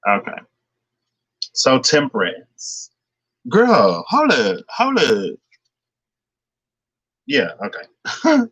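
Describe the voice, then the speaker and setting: A man talks through a tarot reading in a loose, chatty way, thinking aloud and drifting into lively retellings. His voice sits a little low but comes across bright and forceful. The sound is close and dry, with no room around it. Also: breathy edge, dry recording, lo-fi sound. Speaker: tarot reader.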